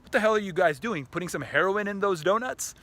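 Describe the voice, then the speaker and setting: A man putting on a brash fake celebrity food vlogger, loud, cocky and over-friendly, while recording outdoors at a park tennis court. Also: high-pitched, expressive, fast, pitched above the performer's own voice.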